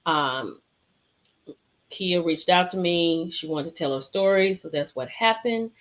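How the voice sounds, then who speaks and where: A woman's voice: on the low side, measured pace. A woman hosting a live stream show, chatting with viewers, laughing and reading their comments. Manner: animated, laughs often, chatty Southern-style slang.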